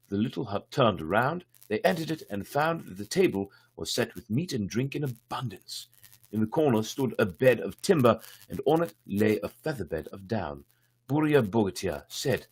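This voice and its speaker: A man's voice: mid-range voice, lively intonation, moderate pace, fairly bright tone, slightly rough. A man reading a fairy tale aloud on a livestream, breaking in with wry, irreverent asides. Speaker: storyteller.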